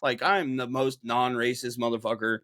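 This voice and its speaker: A man's voice: medium pitch, fairly even intonation, moderate pace, sharp tone, dry recording. A man hosting a podcast in casual, rambling chat, swearing freely. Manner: rambling, heavily profane. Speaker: podcast host and game streamer.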